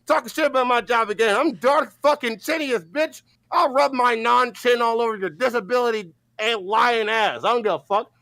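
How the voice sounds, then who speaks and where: A man co-hosting a livestream, reacting with loud, profane, mocking rants. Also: very high-pitched. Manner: loud, mocking and rapid-fire. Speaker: co-host.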